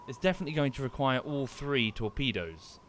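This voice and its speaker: A man's voice: mid-range voice, lively intonation, brisk, fairly bright tone, slight background noise. A man streaming a game from home, thinking aloud in casual commentary with muttered asides and self-corrections. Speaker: gaming streamer.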